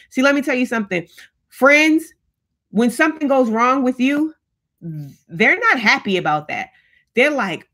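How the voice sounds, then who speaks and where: A woman speaking talks straight to her viewers in a casual live stream. She keeps encouraging them and preaches a little as she goes. Her voice sits a touch high, and she keeps checking in with "you know what I'm saying". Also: animated, moderate pace, bright, forceful tone. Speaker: channel host.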